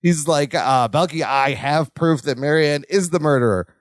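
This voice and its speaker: A man's voice: on the high side, moderate pace, no room sound, studio quality. A man co-hosting a casual podcast, animatedly retelling sitcom scenes and acting out the lines. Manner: animated retelling with acted-out quotes and laughter. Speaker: podcast co-host. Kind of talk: casual rewatch podcast chat.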